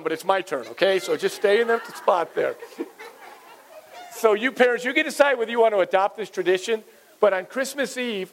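A man in his forties, a pastor giving a playful, animated children's sermon to kids and parents in a church. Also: high-pitched, poor audio. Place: church sanctuary.

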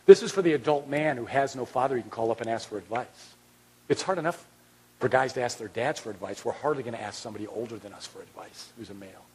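A man preaching with a husky, slightly breathy voice. He is earnest and moves between loud stretches and hushed ones, often repeating a word as he restarts a thought. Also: mid-range voice, fast, poor audio. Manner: repeats words when restarting. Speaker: pastor. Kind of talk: sermon.

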